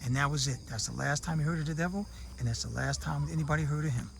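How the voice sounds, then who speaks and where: A man with a high voice tells a long joke in a loose, casual way, jumping into the characters' voices as he goes. He talks outdoors, with a faint hum of crickets behind him. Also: fast talker, vocal fry. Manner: animated joke-telling, acting out the characters in raised voices. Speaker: vlogger living abroad. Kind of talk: casual storytelling to camera.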